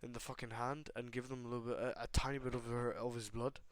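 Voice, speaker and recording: A man's voice: medium pitch, flat delivery, fast, smooth, no echo. A man casually narrating a fan-made what-if story, rambling with fillers and swearing.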